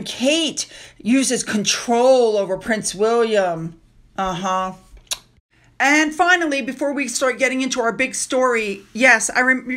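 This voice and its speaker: A woman with a high-pitched voice talks straight to her viewers in a casual commentary. She is emphatic and opinionated, dropping sarcastic asides as she goes. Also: sharp tone. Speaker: commentary channel host.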